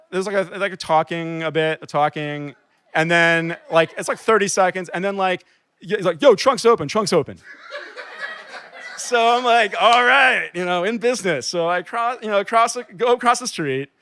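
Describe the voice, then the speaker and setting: A man's voice: sits high, normal speed, a bit bright, a little hiss or hum. A man telling a personal story casually, rambling with lots of fillers and restarts. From transplant to New York. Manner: rambling, filler-heavy with many likes and restarts.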